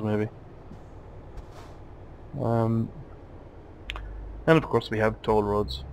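Low-voiced man, chatty gameplay commentary. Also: gravelly, a little mellow, slight background noise, rough recording. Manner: chatty, wry asides while driving. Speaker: let's play host.

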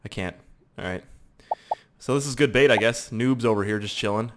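A young man giving excitable, profane live gameplay commentary with yelling outbursts. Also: medium pitch, normal speed, a little hiss or hum. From Canada. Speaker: gaming YouTuber.

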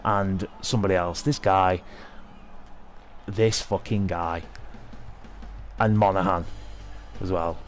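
A young man giving excitable, sweary live commentary over his own hockey video game match. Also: deep voice, slow pace, long pauses, soft background music. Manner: sweary, excitable, talking at the screen. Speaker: gaming video host.

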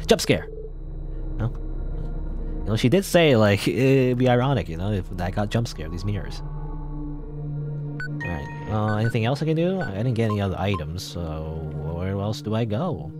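A man narrating his gameplay in a rambling, chatty way, thinking out loud and chuckling as he goes. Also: fairly low pitch, animated, normal speed, pauses often. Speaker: let's play gamer. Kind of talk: casual gameplay commentary. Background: game music.

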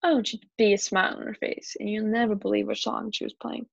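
Gravelly woman reading a kids' story. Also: mid-range voice, quick pace, no echo. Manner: lively character voices and shouts. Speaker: storybook reader. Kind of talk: children's story read-aloud. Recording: dry, dull lo-fi recording.

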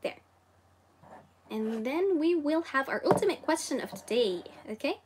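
A woman's voice: sits high, animated, moderate pace, noisy background. Filipino lady hosting a chatty online lesson, bubbly, voice bounces up and down a lot. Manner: bubbly, exclaims and giggles often, code-switches. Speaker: livestream host teaching Japanese. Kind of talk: casual livestream lesson, reading viewer comments.

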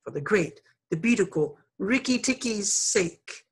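Woman doing a flattering, feather-brained little bird, husky, storybook. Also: mid-range voice, measured pace, exaggerated voice. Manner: sing-song, flattering. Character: foolish, boastful little male songbird.

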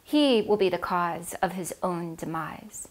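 A woman's voice: on the low side, expressive, measured pace. A woman voicing a serene, powerful goddess. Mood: calm.

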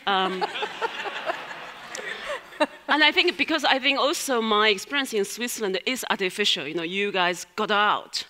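A woman's voice: medium pitch, lively intonation, moderate pace, pushed and bright, a little hiss or hum. Chinese-accented woman speaking in a reverberant hall. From China. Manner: thoughtful, laughs between phrases. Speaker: guest writer. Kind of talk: onstage interview. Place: large hall at a live event. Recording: hall reverb from a live stage.

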